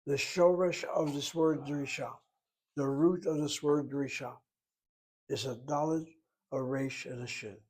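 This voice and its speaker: A man teaching Hebrew in a relaxed lecture, explaining terms patiently and asking rhetorical questions along the way. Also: mid-range voice, measured pace, slightly rough.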